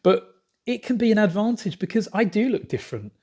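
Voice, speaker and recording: A man's voice: high-pitched, sing-song, a little fast, darkish tone. A man talking casually to camera as a vlogger, rambling with frequent fillers and restarts.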